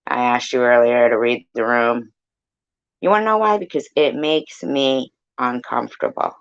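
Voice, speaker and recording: A man's voice: medium pitch, expressive, moderate pace, vocal fry, fairly bright tone, smooth, dull audio. A man hosting a casual live chat room, rambling and blunt, swearing now and then.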